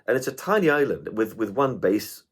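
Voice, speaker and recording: Man, podcast co-host, casual chat, husky, low, swears freely. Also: big pitch swings, brisk. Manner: chatty storyteller, swears freely.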